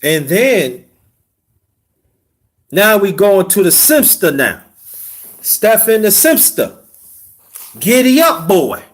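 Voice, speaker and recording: A man's voice: high-pitched, big pitch swings, slow pace, pauses often. A man hosting a casual livestream, preaching relationship advice to his chat and dropping to a whisper for emphasis. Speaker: livestream host.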